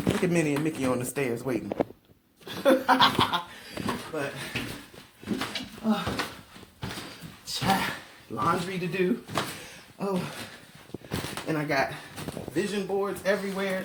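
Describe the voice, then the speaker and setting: A woman's voice: fairly low pitch, unhurried, pauses often, very noisy. A woman vlogging casually as she walks through her townhouse, talking straight to her viewers. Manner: talkative, addresses viewers directly. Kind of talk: casual chatty home vlog. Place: indoors at home in a townhouse.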